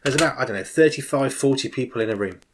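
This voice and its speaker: A man in his forties speaks as a children's minister and shares a personal story in a chatty sermon. His voice sits at a middle pitch. He tells it with energy, pushing some words out loudly and dropping others quiet. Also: fast, a little hiss or hum. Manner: enthusiastic storyteller with emphatic swings in loudness; informal, chatty and animated.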